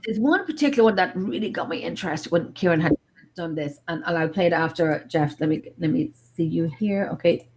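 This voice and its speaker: An Irish woman hosting a paranormal chat over a video call, telling stories in an excitable, animated way. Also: on the low side, a little fast, a little hiss or hum. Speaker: paranormal investigator host. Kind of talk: casual chat.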